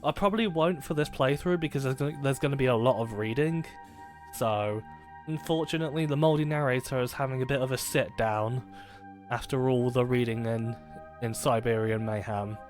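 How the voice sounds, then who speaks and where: A man's voice: mid-range voice, brisk, darkish tone. A man talks through a game on a live stream, loose and rambling and full of fillers and false starts. He pokes fun at himself as he goes. Faint game music plays behind him. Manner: rambling, self-deprecating, many fillers and restarts. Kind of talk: casual live-stream commentary.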